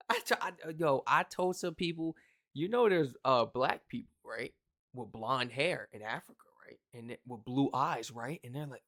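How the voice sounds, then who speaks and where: An American reaction video host giving casual commentary, animated and exclaiming, with slangy asides. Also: mid-range voice, measured pace. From United States.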